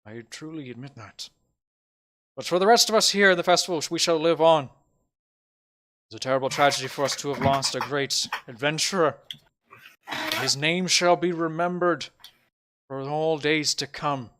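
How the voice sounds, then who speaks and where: A man's voice: normal speed, long pauses, fairly bright tone, close to an everyday voice. A man voicing a pompous male town mayor who makes grand, formal speeches. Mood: solemn. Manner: booming, formal, stumbling over grand words.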